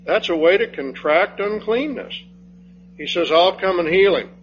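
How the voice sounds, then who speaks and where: A man preaching an expository sermon, slow and emphatic, rising on key phrases and dropping low when he reads scripture. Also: animated, fairly bright tone. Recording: dull lo-fi sound with faint hum.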